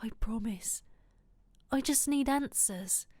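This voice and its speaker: A woman voicing a frightened young man in a hushed whispered role-play. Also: on the high side, slow pace, dry recording. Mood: gentle.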